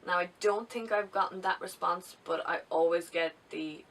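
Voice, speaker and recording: A woman's voice: fairly low pitch, normal speed. A young woman with an Irish accent, chatting casually to camera as a travel vlogger, rambling a little with ums and restarts. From Ireland. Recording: distant mic with faint background noise.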